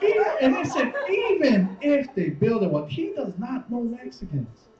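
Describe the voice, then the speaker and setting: A man's voice: very high voice, very animated, moderate pace, heavy background noise. A man doing a stand-up comedy set on stage, rambling and swearing as he acts out other people's lines. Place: comedy show stage before a live audience. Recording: distant, roomy, muffled live-show recording with crowd.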